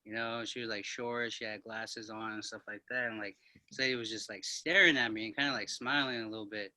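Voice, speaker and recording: A young man rambles through a dream story, packing his sentences with "like" and sounding a little high. His voice is very bright and sharp, and it sits close and dry with no room around it. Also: steady tone, fairly quick, no room sound. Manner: rambling, full of "like", a bit high. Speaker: guest. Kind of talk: casual storytelling.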